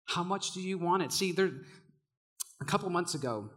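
High, bright-voiced young male preacher. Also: normal speed. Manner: energetic storytelling, laughs often, shouts when excited. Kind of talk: sermon.

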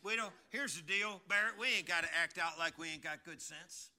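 A male pastor giving a folksy, animated sermon, often restarting his words. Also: high voice, a little fast. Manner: folksy, animated and joking, with repeated word restarts.

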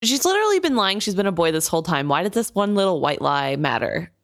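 A woman co-hosting a casual book discussion, animated and exasperated with the characters. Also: fairly low pitch, fast. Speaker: podcast co-host.

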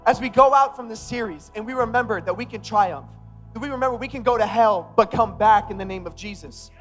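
A male pastor preaching a sermon in a casual, emphatic way that builds to loud passion. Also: sits high, fairly quick, faint music behind.

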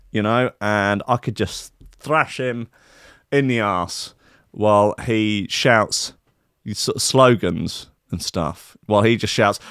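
Rambling, profane man, low voice. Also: takes it slowly, a bit bright, smooth, no room sound, clean studio sound. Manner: profane, self-mocking, meandering asides. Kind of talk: rambling comic storytelling.

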